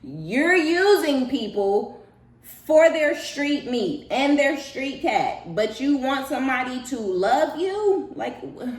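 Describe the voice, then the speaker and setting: A woman giving a casual spiritual reading in a profane, animated way. She jumps into high mocking voices and laughs often. Her voice carries an echoey room sound. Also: slow. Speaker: tarot reader.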